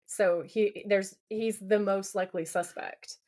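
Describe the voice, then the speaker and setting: A woman's voice: medium pitch, measured pace. Woman co-host eagerly recapping an episode. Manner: lively retelling, acts out the characters' lines. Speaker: podcast co-host. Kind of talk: casual chat recapping a TV episode.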